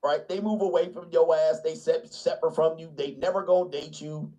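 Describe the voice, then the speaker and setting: Blunt, mocking man with a fairly high voice. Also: fairly even intonation, fairly quick, mellow, poor audio. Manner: blunt, mocking, laughs often, slips into put-on voices. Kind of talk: casual comedic rant. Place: small town, gated suburban home.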